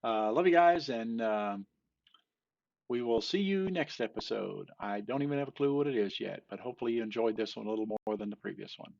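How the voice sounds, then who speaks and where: A man with a low, gravelly voice tells a long joke at an easy pace, stopping often for fillers and restarts. The recording sounds dull and lo-fi. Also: animated, a little fast, a little mellow. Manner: rambling, many fillers and restarts. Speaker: joke teller. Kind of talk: casual storytelling.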